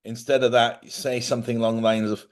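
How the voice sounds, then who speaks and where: Man, mid-pitched voice, live talk-show host, rambling, conversational, studio live stream. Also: little pitch movement, fast talker. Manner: rambling, conversational, repeats himself and asks listeners "yeah?".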